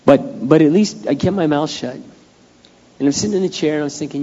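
Middle-aged male pastor, slightly high voice, conversational sermon, quiet asides then loud bursts; long hall reverb. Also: moderate pace, lo-fi sound.

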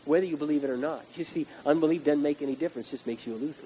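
A male preacher giving a blunt, emphatic sermon that rises to loud outbursts. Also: fairly high pitch, rapid-fire. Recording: dull recording with background hiss.

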